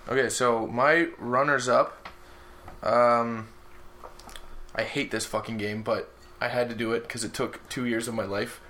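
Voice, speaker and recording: A young man talks with his friends in a loose, excitable way, gushing over his favorites and swearing without a second thought. His voice has a bright edge to it, and a faint hiss sits underneath. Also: medium pitch, measured pace, pauses often. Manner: excitable, swears freely, gushes about favorites. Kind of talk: casual chat among friends.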